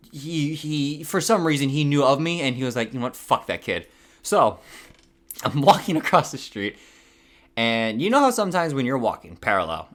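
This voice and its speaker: A man's voice: on the low side, a bit bright. A young man from Hawaii telling a rambling story on his podcast. He swears a lot, laughs at himself and his voice cracks now and then. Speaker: podcast host. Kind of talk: casual storytelling.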